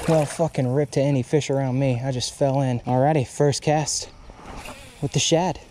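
A young man casually narrating his own fishing trip outdoors, excitable and quick to swear, recorded on a chest-mounted action camera. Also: medium pitch, a little hiss or hum. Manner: excitable and profane, swears freely when snagged. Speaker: fishing vlogger. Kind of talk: casual on-the-go vlog commentary. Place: outdoors at a creek by a bridge.

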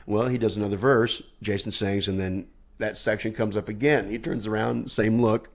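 A man with a very low voice, a guest musician on a podcast. He tells his stories with gusto, acting out the quoted lines and laughing often. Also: fairly even intonation, moderate pace. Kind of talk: anecdotal storytelling in a podcast interview.

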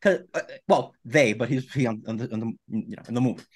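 A man's voice: mid-range voice, fast talker. A man co-hosting a podcast, chatting casually and gushing with lots of stumbling restarts. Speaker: podcast co-host. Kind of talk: casual chat.

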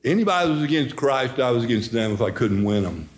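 A middle-aged man, a pastor teaching Bible study in a folksy, animated way, acting out quotes. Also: mid-range voice, quick pace.

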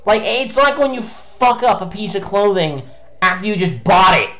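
A woman doing let's play commentary, ranting in exasperation with heavy swearing and sudden bursts of shouting. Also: medium pitch, moderate pace, low-quality recording. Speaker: gameplay commentator.

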